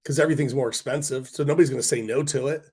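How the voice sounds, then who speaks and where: A man's voice: medium pitch, fairly even intonation, rapid-fire, a little mellow, slightly rough. A man hosting a stock market livestream, talking to viewers in a rambling, blunt, irreverent way with casual swearing, his voice worn and congested.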